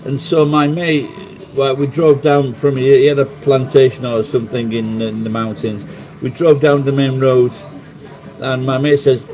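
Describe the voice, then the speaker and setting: A man's voice: medium pitch, steady tone, normal speed, warm tone, faint music behind, rough recording. A middle-aged man with a Sheffield accent, rambling through sweary stories and chatting with viewers on a livestream. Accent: Sheffield English. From England. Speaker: livestream host. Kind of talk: casual live chat.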